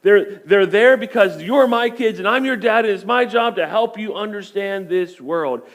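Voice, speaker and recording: Middle-aged male pastor, fairly high voice, chatty joking sermon in church. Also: moderate pace. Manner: joking, conversational storytelling.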